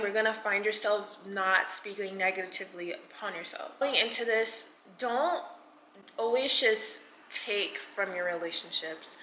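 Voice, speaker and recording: A woman's voice: mid-range voice, sharp tone. A woman in her twenties gives an earnest, chatty motivational talk to camera, full of "like" fillers. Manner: earnest and chatty, many "like" fillers, laughs between points. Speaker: vlogger. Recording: echoey room with faint noise.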